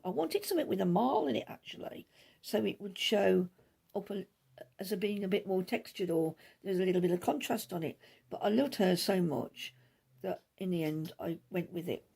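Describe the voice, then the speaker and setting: A middle-aged woman talks casually about her knitting at home, rambling along with plenty of asides. Her low-ish voice has a gravelly, slightly husky grain. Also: mellow. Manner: rambling, chatty, talks quickly with many asides. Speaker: knitting podcast host. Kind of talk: casual chat.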